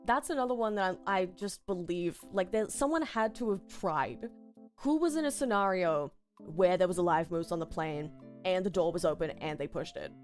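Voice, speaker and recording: A woman's voice: fairly low pitch, animated, moderate pace, soft background music. A woman streamer chatting casually while reacting to a video, with playful quips and frequent giggles.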